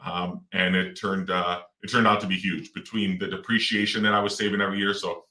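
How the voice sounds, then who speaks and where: A middle-aged real estate investor talks in a loose, rambling way, full of fillers and false starts. His voice sits low but sounds bright and forceful. The mic is far from him, in a roomy, echoing space. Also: little pitch movement, a little fast. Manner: rambling, with many fillers and restarts. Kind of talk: casual interview talk. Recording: roomy echo, distant mic.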